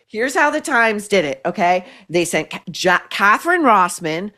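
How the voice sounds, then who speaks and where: A woman hosting a podcast, delivering scornful, sarcastic opinion commentary with lively emphasis. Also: mid-range voice, moderate pace, hardly any pauses. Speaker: podcast host.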